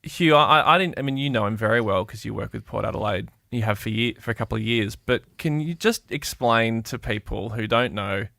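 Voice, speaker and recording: A man co-hosting a podcast, teasing and quick with jokes. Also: lowish voice, creaky, bright, forceful tone, no room sound, clean studio sound. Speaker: podcast co-host. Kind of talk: casual podcast chat.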